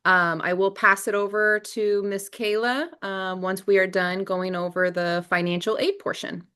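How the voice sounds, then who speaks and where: A woman's voice: medium pitch, fairly even intonation, unhurried, bright, forceful tone, clear, resonant tone. Woman giving a webinar on a video call, friendly, stresses her points, lots of ums. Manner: friendly, emphatic, frequent "um" fillers. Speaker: assistant director of financial services presenting a webinar. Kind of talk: informational webinar presentation.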